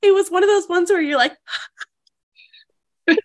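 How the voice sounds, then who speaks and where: A woman's voice: extremely high pitch, moderate pace. A young woman co-hosting a casual chat, telling stories and often laughing as she talks. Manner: giggly, laughs through her stories. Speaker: podcast co-host.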